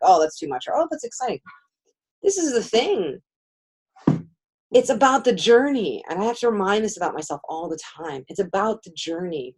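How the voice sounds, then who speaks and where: A woman co-hosts a laid-back spiritual chat show, her voice a little husky. She rambles and gets animated, wandering into asides and tossing in the odd curse. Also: medium pitch. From San Francisco area. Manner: animated, rambling, swears casually. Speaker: co-host, card reader.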